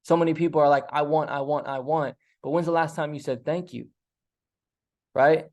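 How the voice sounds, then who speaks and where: A young man giving an energetic, emphatic motivational talk as a mentor, often repeating himself and acting out quoted voices. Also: a little high, moderate pace. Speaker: mentor speaker.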